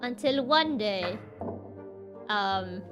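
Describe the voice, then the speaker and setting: A woman's voice: mid-range voice, lively intonation, extremely slow, over music. A woman streamer giving casual gameplay commentary, giggling often and thinking aloud as she works out a puzzle.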